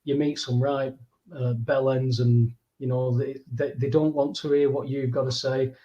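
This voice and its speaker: A man's voice: mid-range voice, level tone, normal speed, warm tone, muffled recording. A man, a guest on a casual show, chatting in a digressive way with many fillers. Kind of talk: casual chat.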